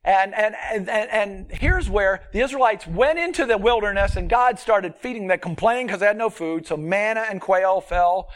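A man preaching a sermon, earnest and emphatic, swinging between loud stressed points and quiet asides. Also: high-pitched, moderate pace, few pauses.

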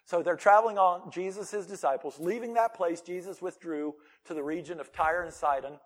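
A male pastor preaching with a high-pitched voice. He is animated and emphatic, breaking off into casual asides to his listeners. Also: fairly quick. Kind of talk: sermon.

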